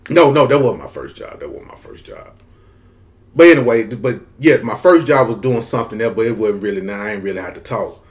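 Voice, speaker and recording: A man's voice: on the low side, animated, fairly quick. A man from Mississippi with a country Southern drawl, telling a story in a casual, slangy monologue and dragging his words. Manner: laid-back, drags words, slangy, frequent "you know what I'm saying". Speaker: content creator.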